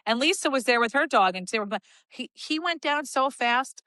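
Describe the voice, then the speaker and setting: A woman co-hosting a podcast, telling lively stories in casual chat and acting out the people in them. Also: high voice, moderate pace, no echo. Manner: animated storytelling with quoted voices. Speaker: podcast co-host.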